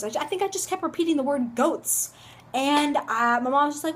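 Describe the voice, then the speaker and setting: Young woman vlogger with a high voice, dramatic storytelling, phone-recorded, casual. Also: normal speed, slight background noise. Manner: dramatic, animated, shrieks when reenacting. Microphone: phone camera.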